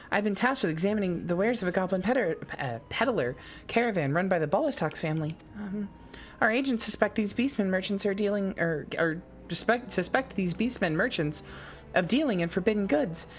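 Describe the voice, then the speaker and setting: A man's voice: high voice, lively intonation, a little fast, slight background noise, pitched above the performer's own voice. Man putting on a stammering timid woman tactician. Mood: nervous. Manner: stuttering, hesitant, many ums. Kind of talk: reading game dialogue aloud.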